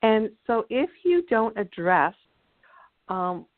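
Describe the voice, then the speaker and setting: A woman guest on a call-in radio show, explaining ideas about emotional energy in a measured storytelling way. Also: on the high side, big pitch swings, no room sound. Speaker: guest, energy healer and author. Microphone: phone. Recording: dry, tinny phone line.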